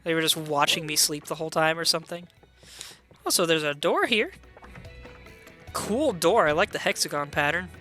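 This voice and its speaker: A man's voice: fairly high pitch, moderate pace, long pauses, sharp tone, faint music behind. A man casually commentating a video game stream, chatty with meandering asides.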